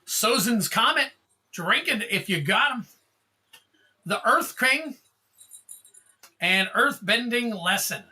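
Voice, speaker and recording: A man's voice: high-pitched, animated, slow pace, long pauses, pushed and bright, husky. A man hosting a card-opening livestream, chatting in a rambling, jokey way and calling out cards as he opens them. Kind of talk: casual livestream chat.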